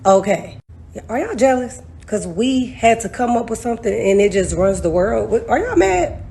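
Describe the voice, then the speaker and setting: A woman's voice: medium pitch, moderate pace, mellow. A woman delivering a mocking social media rant, scolding her listeners.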